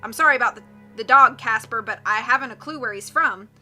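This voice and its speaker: A woman's voice: on the high side, moderate pace, bright, forceful tone, faint music behind. A woman voicing a blunt young woman who speaks sharply and grumbles.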